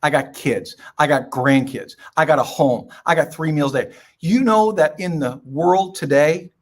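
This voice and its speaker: A man's voice: fairly high pitch, moderate pace. An older man speaking as a podcast guest, giving emphatic, preachy advice in short punchy phrases and telling stories. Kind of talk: motivational podcast talk.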